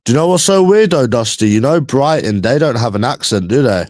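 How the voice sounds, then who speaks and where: A man's voice: medium pitch, animated, brisk, a little mellow, dry recording. A young man from East London, with its accent, chatting casually with viewers in a slangy, rambling way that often repeats itself. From East London, England. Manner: slangy, repeats himself, loose rambling talk. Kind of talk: casual chat.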